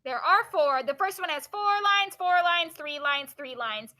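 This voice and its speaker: A woman's voice: high-pitched, lively intonation, measured pace, pushed and bright. A woman teacher reading a book of poems aloud to her class, stopping to ask students questions and explain.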